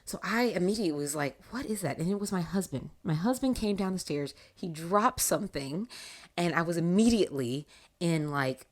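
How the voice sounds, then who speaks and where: Woman, podcast host, low pitch, casual faith talk, animated storytelling. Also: normal speed. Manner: animated storytelling with frequent laughs.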